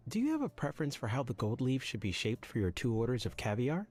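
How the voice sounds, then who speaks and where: A formal waiter, husky voice, expressive pitch, courteous game dialogue. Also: male voice, quick pace, faint music behind. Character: polite waiter at an upscale restaurant.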